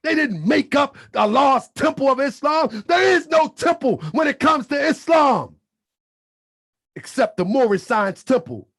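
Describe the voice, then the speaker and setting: A man hosting his channel, preaching in a fiery monologue with shouted, repeated lines and colloquial talk, a little under the weather. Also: very high-pitched, lively intonation, unhurried, gravelly. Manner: colloquial, drops into muttered asides. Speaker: channel host.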